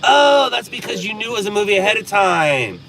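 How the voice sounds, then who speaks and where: A man's voice: high voice, very animated, fairly quick, fairly bright tone. A man from Southern California hosting a casual livestream, talking back to viewer comments in a sarcastic, riffing way. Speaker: livestream host. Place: in a car.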